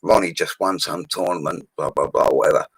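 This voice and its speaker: A man's voice: sits low, fairly quick, vocal fry, a bit bright, breathy edge, low-quality recording. A man of forty with a London accent, telling stories about his bricklaying work in a casual, blunt way. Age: 40s. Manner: chatty and blunt, with slang and mild swearing. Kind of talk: casual storytelling livestream.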